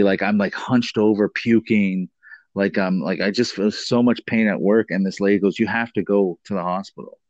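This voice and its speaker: A man's voice: fairly low pitch, darkish tone, no echo. Male co-host, rambling profane storyteller, dry close sound, slightly dull. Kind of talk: casual chat.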